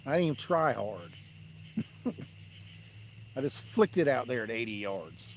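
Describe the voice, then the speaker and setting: A man's voice: medium pitch, big pitch swings, a little slow, slight background noise. A man hosting a fishing livestream, telling rambling, blunt stories in a dismissive tone from a riverbank at night. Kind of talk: casual live-stream rant.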